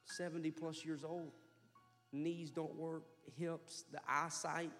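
High-voiced impassioned preacher in a church hall. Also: male voice, little pitch movement, takes it slowly, faint music behind. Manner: impassioned storytelling preacher, building to loud fervor. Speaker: pastor. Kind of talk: sermon. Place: church sanctuary.

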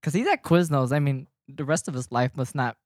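A man on a podcast telling a story in casual chat, animated, swearing and laughing as he gets worked up. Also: mid-range voice, a little fast, no echo, studio quality.

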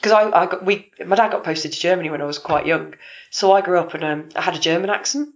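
Chatty woman guest with a lower voice. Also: quick pace, muffled recording. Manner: rambling storyteller, many ums. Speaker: podcast guest. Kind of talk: casual interview chat.

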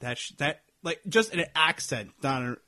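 A man co-hosting a casual review podcast, speaking haltingly with frequent restarts and "uh"s. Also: fairly high pitch, sharp tone. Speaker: podcast co-host.

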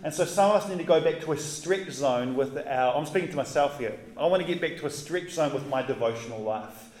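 A man preaching a casual, conversational sermon in relaxed, slangy talk with animated asides. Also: on the high side, fairly quick. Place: church. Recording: roomy echoey hall.

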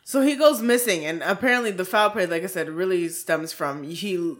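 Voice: mid-range voice, normal speed, fairly bright tone. A podcast co-host in casual chat, reacting often and summing up details. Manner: reactive, laughs often, sums up the case.

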